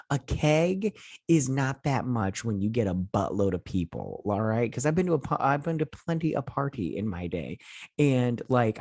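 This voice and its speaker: Husky-voiced man rambling through a recap. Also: mid-range voice, a little mellow, no room sound, studio quality. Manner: rambling, paraphrases scenes with lots of "like" and asides. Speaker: show host reviewing a TV episode. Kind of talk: casual episode recap and review.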